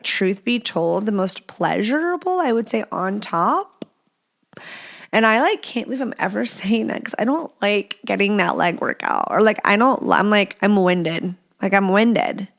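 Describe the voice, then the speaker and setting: A woman with a smooth, mid-range voice hosts a podcast, answering listener questions frankly and bluntly. She swears freely and chats along with plenty of fillers.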